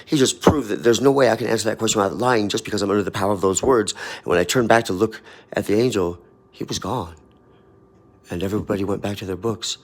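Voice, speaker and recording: Man, low voice, gravelly, emphatic storytelling to camera. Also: quick pace. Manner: emphatic, intense retelling. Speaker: vlogger telling a personal story.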